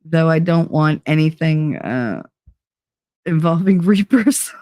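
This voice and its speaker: A middle-aged woman with a fairly low voice hosts a relaxed livestream chat. She tells stories with lively energy, swears freely and laughs between lines. Her voice is recorded close and dry, with no room echo. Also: takes it slowly. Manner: animated storytelling, frequent swearing and laughter. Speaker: livestream host reading chat.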